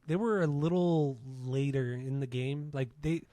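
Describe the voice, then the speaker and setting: A man hosting a casual music podcast, talking quickly and chattily with his co-host over a remote link. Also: a little high, mellow, dry recording. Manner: fast, chatty intro patter.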